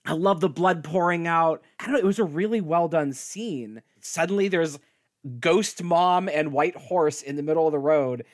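A man co-hosting a podcast, talking about a movie in an animated, playful way, often laughing and asking questions. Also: fairly high pitch, normal speed. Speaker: podcast co-host. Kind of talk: casual movie discussion.

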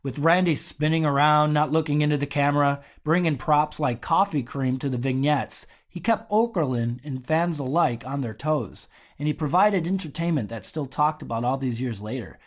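An interview host with a middle-pitched voice who asks long, eager questions. The host also reads prepared fan questions aloud in a steady way. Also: normal speed, few pauses.

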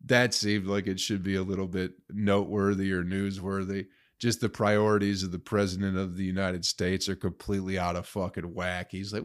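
A young man hosting a solo podcast, ranting crudely and sarcastically with profanity and sudden loud outbursts. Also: low-pitched, little pitch movement, normal speed, hardly any pauses. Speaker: podcast host.

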